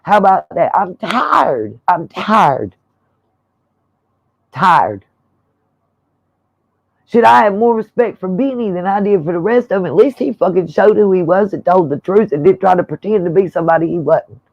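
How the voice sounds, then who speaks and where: Fed-up woman ranting on her stream, gravelly voice, cusses a lot, dull lo-fi mic. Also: medium pitch, fast, hardly any pauses, a little mellow, dry recording. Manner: blunt, profane, irritated. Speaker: channel host. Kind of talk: livestream commentary rant. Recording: dull lo-fi dry sound.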